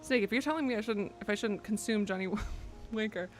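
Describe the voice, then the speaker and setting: A woman's voice: medium pitch, fairly quick, soft background music. A young woman streaming from her bedroom, rambling, joking and swearing a lot as she chats. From United States. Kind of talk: casual live-stream chat.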